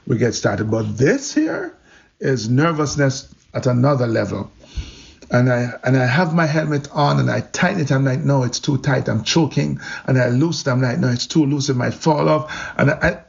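Gravelly man telling a story. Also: mid-range voice, lo-fi sound. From Jamaica. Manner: animated, vivid storyteller. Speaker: interview guest. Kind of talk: storytelling interview.

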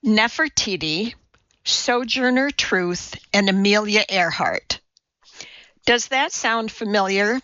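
Woman reading no-nonsense tv cook mom, firm, bright voice, slow steady pace. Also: mid-range voice, no room sound, lo-fi sound. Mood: gentle. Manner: firm, matter-of-fact. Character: confident, brisk woman TV cooking host and mother.

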